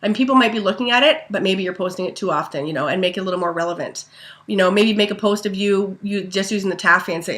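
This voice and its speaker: A woman's voice: mid-range voice, fast, a bit bright. A woman giving a casual, rambling training talk to her network marketing team, full of fillers and asides. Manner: chatty, rambling, many ums and likes.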